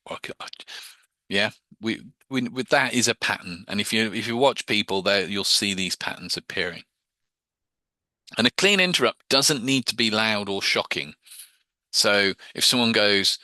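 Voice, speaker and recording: Bright-voiced man teaching hypnosis techniques. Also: on the low side, animated, no echo. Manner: chatty, restarts and repeats words, acts out quick examples. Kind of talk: informal teaching talk.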